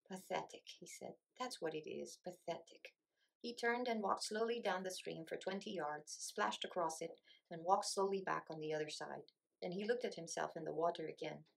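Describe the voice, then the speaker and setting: A woman in her thirties, a teacher reading a storybook aloud to children at a slow, careful pace. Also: fairly low pitch, gravelly, rough recording.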